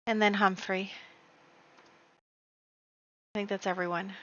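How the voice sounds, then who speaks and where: Slow, bright-voiced woman gaming host. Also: mid-range voice, muffled recording. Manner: excitable, exclaims often, talks to viewers. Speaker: let's play host. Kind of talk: casual gameplay commentary.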